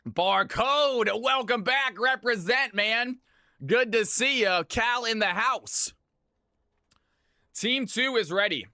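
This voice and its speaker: A man hosting a live game stream, energetically giving shout-outs to chat and calling out teams. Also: very high-pitched, slow, dry recording, studio quality.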